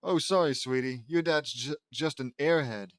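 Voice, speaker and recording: A man's voice: medium pitch, moderate pace, no room sound, studio quality, close to an everyday voice. A man voicing a goofy, cheerful dad who jokes with his kids, in a fan audiobook. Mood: jolly. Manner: jokey, upbeat.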